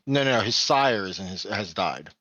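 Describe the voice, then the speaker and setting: Low-voiced rambling game master, a man. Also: animated, normal speed, sharp tone, no room sound, muffled recording. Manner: rambling, self-correcting, chuckles often. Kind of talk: narrating a tabletop game online.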